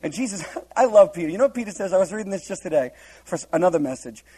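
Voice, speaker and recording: A man's voice: high voice, animated, rapid-fire, warm tone, slightly rough, low-quality recording. A man preaching a humorous verse-by-verse Bible teaching, laughing often and acting out the scenes in different voices.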